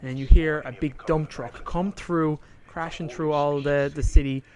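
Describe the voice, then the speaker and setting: A man's voice: on the high side, steady tone, moderate pace, a little mellow. A man co-hosting a podcast, retelling a story casually and acting out quoted lines along the way. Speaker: podcast co-host. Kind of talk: casual chat recapping a story.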